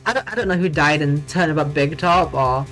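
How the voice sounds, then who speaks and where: A woman streaming herself playing a courtroom video game, joking, swearing and bursting out in quick excitement as she reads the dialogue aloud. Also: low-pitched, faint music behind. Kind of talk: casual gameplay commentary with read-aloud dialogue.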